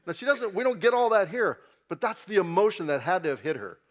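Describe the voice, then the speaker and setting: Man, Bible class teacher, informal church lesson, chatty, keeps checking in with the class, slightly high voice. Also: sing-song, fast talker, hardly any pauses.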